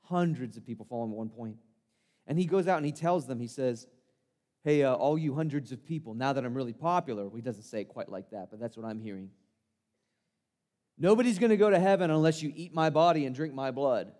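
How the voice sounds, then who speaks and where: A man's voice: medium pitch, lively intonation, fairly quick, a little mellow, close to an everyday voice. A man playing an earnest, impulsive fisherman-disciple. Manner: earnest, conversational, self-deprecating storytelling. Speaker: church monologue performer. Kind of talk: dramatic first-person monologue. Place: church sanctuary. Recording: long reverb of a church hall.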